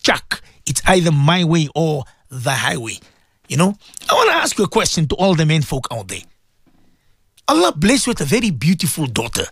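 Male Islamic radio host, preachy and fervent, high lively voice with husky edges, piles on rhetorical questions. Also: dry recording, studio quality. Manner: impassioned, repeats words, many rhetorical questions. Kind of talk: preaching radio talk to listeners.

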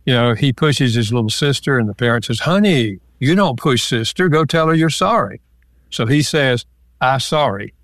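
A man, an author and counselor, calmly explaining ideas with everyday examples in an interview. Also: medium pitch, dry recording, clean studio sound. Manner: calm, explanatory, gives examples. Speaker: author and marriage counselor guest. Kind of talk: interview conversation.

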